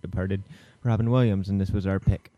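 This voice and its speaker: A man's voice: low-pitched, fairly even intonation, a little fast, highs cut off. A man co-hosting a casual film podcast, retelling the plot in a rambling way with many fillers. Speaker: podcast co-host.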